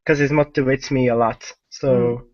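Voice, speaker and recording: A man speaking as a podcast guest, chatty in a casual interview and quick to laugh. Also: medium pitch, fairly even intonation, darkish tone, no echo. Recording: dull lo-fi podcast audio.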